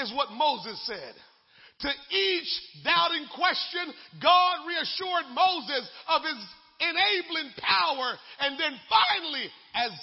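High gravelly-voiced fervent preacher. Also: male voice, lively intonation, takes it slowly. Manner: fervent preaching, swings from shouting to hushed; frequent "uh" before each phrase. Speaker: pastor. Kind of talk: sermon. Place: church sanctuary. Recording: lo-fi echoey church hall.

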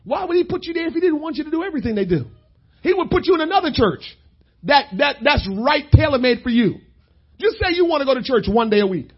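High-pitched man preaching hard. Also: big pitch swings, fast talker, highs cut off. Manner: shouting, emphatic preaching with sudden drops to quiet asides. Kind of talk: sermon.

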